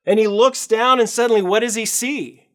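A pastor preaching in a high, bright voice for a man. He tells the story with animated energy, surging loud on big moments and sinking almost to a hush, sometimes acting out the people in it. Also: moderate pace. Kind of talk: sermon. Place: church.

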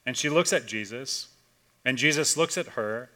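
Bright-voiced man preaching casually. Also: medium pitch, normal speed. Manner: casual storytelling, swings between loud and hushed. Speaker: pastor. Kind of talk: conversational sermon.

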